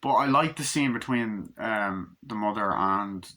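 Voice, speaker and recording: Casual male film reviewer, bright and punchy tone, animated, foul-mouthed, acts out scenes. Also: lowish voice, a little slow. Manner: animated, acts out scenes in put-on voices, swears often.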